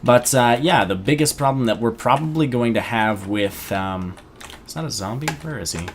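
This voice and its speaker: A young man casually commenting on his gameplay, chatty and rambling, with sudden excited outbursts. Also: medium pitch, moderate pace, a little hiss or hum. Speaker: gaming video host.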